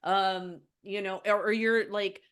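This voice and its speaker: A woman's voice: mid-range voice, fairly even intonation, slow pace, fairly bright tone, clear, resonant tone. A woman guest on a podcast, an animal healer, talking earnestly and from the heart, often restarting her sentences. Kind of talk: casual podcast conversation.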